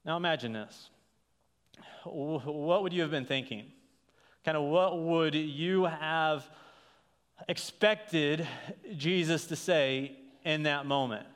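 A man's voice: a little high, takes it slowly, pauses often, a bit bright, smooth. A man preaches to his congregation, his slightly raised voice carrying through a hall with a long reverb. He talks in a loose, conversational way, stumbling over restarts and checking in with the room with a "right?". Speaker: pastor. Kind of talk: sermon.

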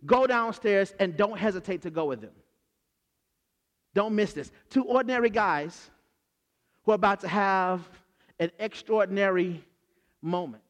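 A man preaching a sermon, retelling a story with lively, conversational energy and acting out the characters' lines. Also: high voice, measured pace, pauses often. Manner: animated storytelling, acts out the characters. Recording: long hall reverb.

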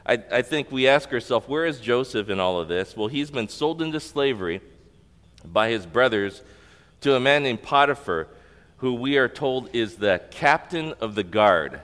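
A man's voice: mid-range voice, lively intonation, moderate pace, a bit bright. A male pastor preaching a sermon, teaching and asking the congregation rhetorical questions. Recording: long reverb of a large hall.

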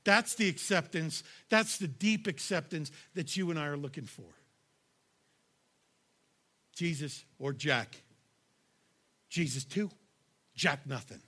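A man's voice: fairly high pitch, slow pace, long pauses, pushed and bright. A man preaching a sermon as pastor, talking straight to his listeners in a punchy, emphatic way and raising his voice on key lines. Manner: conversational, addresses audience directly.

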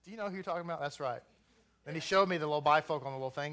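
A man's voice: on the high side, racing, bright, forceful tone. A man from Texas preaching a sermon, conversational, with asides and restarts.

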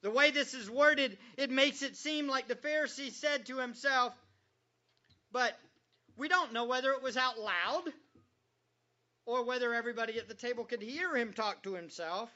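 A man's voice: extremely high pitch, normal speed, sharp tone, dull audio. A male pastor preaching a sermon in a conversational, joking way, quizzing the congregation as he goes.

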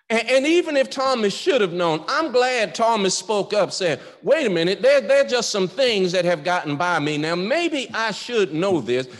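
A man's voice: high voice, a bit bright, long reverb tail. A male preacher giving a sermon in a conversational, emphatic manner, often repeating words as he starts a phrase.

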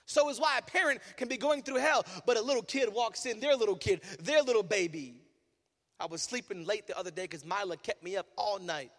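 A young man preaching a sermon as pastor in a church, swinging between loud emphatic rises and quiet asides. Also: high-pitched, a little fast. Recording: church hall reverb, faint music.

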